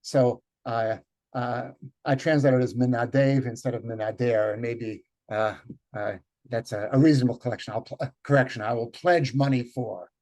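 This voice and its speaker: A man leading an online group reading. He explains the story thoughtfully, often pausing on "uh" as he looks for words. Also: medium pitch, steady tone, a little mellow. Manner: thoughtful, halting, with many fillers. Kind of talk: online lecture and read-aloud. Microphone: video call.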